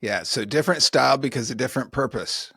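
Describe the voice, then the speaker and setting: Gravelly husky male host. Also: mid-range voice, fast, sharp tone, no echo, clean studio sound. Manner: brief affirming interjections. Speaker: interview host. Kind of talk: interview hosting.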